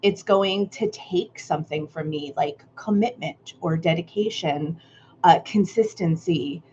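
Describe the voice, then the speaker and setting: A woman's voice: on the low side, a little slow, lo-fi sound, slight background noise. Woman hosting a cozy live stream. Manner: warm greetings, reads out viewer comments, reflective. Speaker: creative workshop host. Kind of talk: live-stream chat with viewers.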